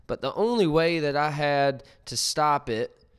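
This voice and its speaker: A man's voice: on the high side, animated, a little slow, clear, resonant tone, pitched above the performer's own voice. A man reading out a woman's online post about harsh dog training in a slightly raised imitation voice. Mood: blunt. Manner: blunt, self-assured reading of an online post.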